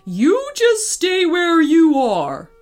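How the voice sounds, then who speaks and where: A woman's voice: extremely high pitch, huge pitch swings, extremely slow, a little mellow, soft background music, voice pushed up, heavily acted. A woman voicing a stern male red panda palace guard for a storybook reading.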